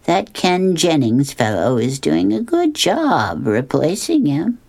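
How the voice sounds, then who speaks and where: A man's voice: on the high side, sing-song, takes it slowly, vocal fry, darkish tone, voice pushed up, heavily acted. A man voicing a dry-witted elderly wife from a comic strip in a raised, put-on voice. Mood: sly.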